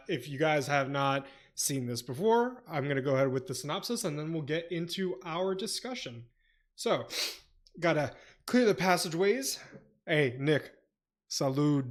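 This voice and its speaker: A young man co-hosting a casual book club podcast, joking in a mock-solemn way and reading summaries in a steadier voice. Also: a little high. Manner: reads synopsis in a quieter, steadier voice. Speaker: podcast co-host.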